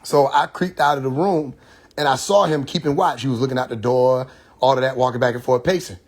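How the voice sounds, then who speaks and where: A man's voice: mid-range voice, steady tone, a little fast. A man, hosting a casual livestream monologue, storytelling animatedly and mimicking mocking voices. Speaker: livestream host. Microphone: phone or computer mic on a live stream.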